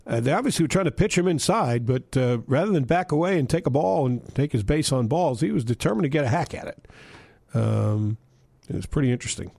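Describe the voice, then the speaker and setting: A man's voice: medium pitch, animated, a little fast, gravelly, darkish tone, no echo. An older man hosting a casual radio show, chatting and telling stories, sometimes reading an endorsement. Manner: chatty, storytelling, reads an endorsement. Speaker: radio host.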